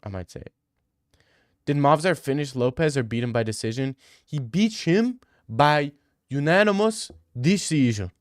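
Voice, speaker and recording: A man's voice: a little high, lively intonation, normal speed, no echo, clean studio sound. A young man livestreaming, answering chat in casual, crude, teasing banter. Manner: joking, teasing, profane.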